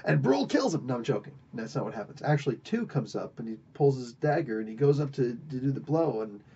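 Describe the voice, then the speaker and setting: A man's voice: mid-range voice, mellow, slightly rough, muffled recording. A man hosting a podcast, recapping a story in a rambling, playful way with self-corrections.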